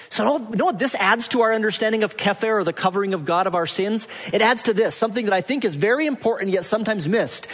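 A man preaching a sermon, teaching from Scripture and building to emphatic, forceful points. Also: high voice, lively intonation, fast, hardly any pauses. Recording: long hall reverb.

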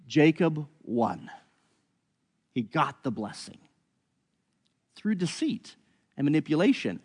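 A man teaching a bible passage, telling the story in an animated, conversational way. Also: a little high, takes it slowly, husky, in a large hall.

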